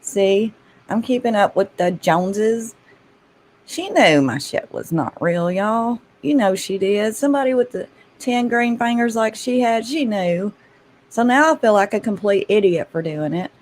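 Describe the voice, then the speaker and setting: A woman's voice: on the high side, a little hiss or hum, low-quality recording. A woman, a grandmother and channel host, chatting casually and laughing often as she tells stories to her viewers. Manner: chatty, laughs often, addresses listeners as y'all.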